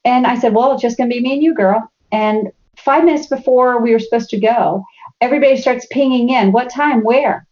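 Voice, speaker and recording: A middle-aged woman with a fairly high voice tells family stories as a podcast guest. She is animated and acts out her family's voices. The audio is a little muffled and lo-fi. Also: a little fast. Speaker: guest speaker. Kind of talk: storytelling in a podcast interview.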